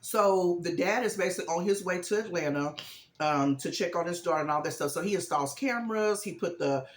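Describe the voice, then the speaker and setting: A vlogger recaps a film plot in a relaxed, chatty way, a little fast and in a lowish voice with a roomy sound. She acts out what the characters say with emphasis, and fillers like "um" and "this, this, and that" come up often.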